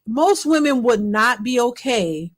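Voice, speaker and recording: Woman, high voice, reaction host, blunt, emphatic, repeats herself. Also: animated, unhurried, background noise. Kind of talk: casual reaction commentary.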